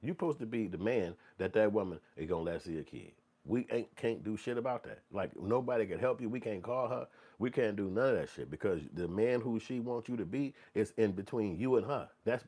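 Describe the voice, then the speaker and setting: Blunt husky-voiced man ranting. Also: fairly low pitch. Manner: blunt, animated, swings into mocking quoted voices. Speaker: commentary show host. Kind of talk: profane ranting commentary.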